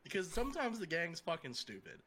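A man's voice: on the high side, very animated, fairly quick, a crowd in the background. A man co-hosting a casual gaming chat, who laughs often and swears casually. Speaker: podcast co-host.

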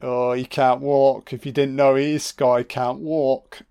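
A man talks through a film as he watches it, dropping sarcastic jokes and constant swearing. He speaks at an unhurried pace in a smooth, clear voice, with a middling pitch. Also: flat delivery, dark tone. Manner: sweary, sarcastic, reacting live. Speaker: film commentator. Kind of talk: audio film commentary.

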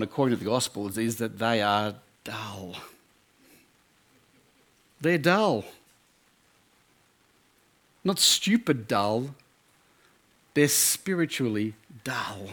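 Animated male camp speaker. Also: mid-range voice. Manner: animated storytelling with many restarts. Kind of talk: sermon talk.

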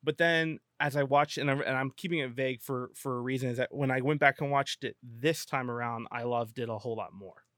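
A male podcast co-host talks casually, wandering through his thoughts and fixing his own sentences as he goes. His voice is mid-pitched. The recording is dry and close. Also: brisk, few pauses, fairly bright tone, no echo. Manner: rambling, self-correcting. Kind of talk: casual chat.

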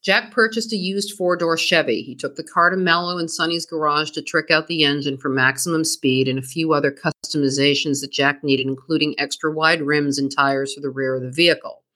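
True-crime podcast co-host, woman, bright, scripted storytelling read. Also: deep voice, steady tone, brisk, few pauses. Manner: reads from a script, dramatic storytelling.

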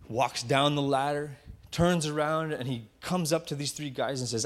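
A man preaching a sermon, retelling a Bible story vividly and often dropping to a hushed voice for effect. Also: fairly high pitch, a little slow. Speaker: pastor.

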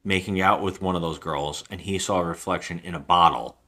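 A man's voice: low voice, a little fast, pushed and bright. A man co-hosting a podcast, retelling a film's plot in casual, rambling chat. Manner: rambling retelling with acted quotes. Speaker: podcast co-host. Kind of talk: casual movie recap chat.

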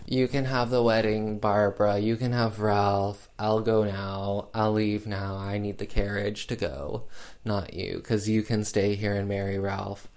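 A man's voice: lowish voice, little pitch movement, a little slow, darkish tone. A man mimicking a tearful, forgiving young woman in an upset, pleading way.

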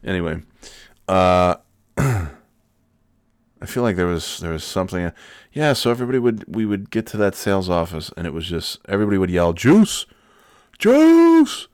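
A man's voice: deep voice, a little fast, long pauses, clear, resonant tone, no echo, studio quality. A young man hosting a podcast, telling comedic stories in a profane, sardonic, mock-earnest way. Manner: mock-earnest, laughs at own jokes. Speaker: podcast host. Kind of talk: comedic storytelling.

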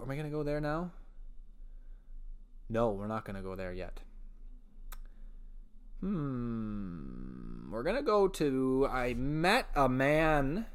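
Slow-talking profane man. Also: medium pitch, sing-song, clear, resonant tone. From Ontario, Canada. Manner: profane, rambling, with sudden shouted outbursts. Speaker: podcast host. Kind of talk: casual solo podcast rant.

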